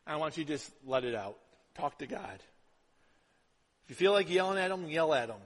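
A male pastor preaching a sermon in a conversational way, dropping to hushed asides and rising to loud emphatic lines. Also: fairly high pitch, expressive, moderate pace. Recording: long hall reverb.

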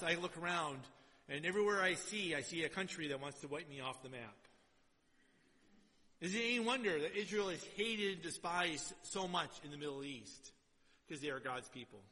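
A man preaching a sermon and reading scripture aloud, swinging between loud exhortation and quiet, low asides, in a church. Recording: long hall reverb.

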